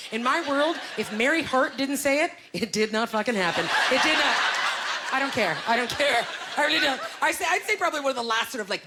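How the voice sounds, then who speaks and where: A woman from Canada in her thirties performing a stand-up comedy set on a club stage, loud and animated, exclaiming at the crowd. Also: medium pitch. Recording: live stage recording with audience noise.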